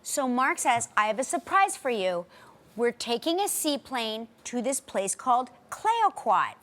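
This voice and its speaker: A middle-aged woman with a high voice that leaps up and down as she tells a story. She chats casually as a talk show co-host and acts out every quote. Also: sing-song, measured pace, a bit bright. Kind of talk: casual chat.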